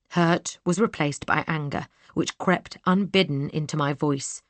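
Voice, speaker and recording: A woman narrating a first-person audiobook in a measured, even storytelling manner. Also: low-pitched, no echo.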